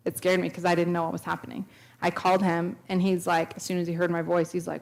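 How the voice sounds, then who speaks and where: A woman's voice: lowish voice, completely flat delivery, fast, vocal fry, darkish tone. A woman in her thirties telling a personal testimony at a church, earnest and storytelling, acting out the dialogue she quotes. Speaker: speaker at a church. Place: church sanctuary.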